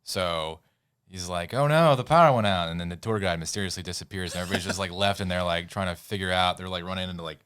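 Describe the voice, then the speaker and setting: A man's voice: deep voice, little pitch movement, fast, a bit bright, clean tone, no room sound, studio quality. A man co-hosting a podcast, telling stories in a rambling, laughing way and losing his words now and then. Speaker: podcast co-host. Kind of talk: casual podcast chat.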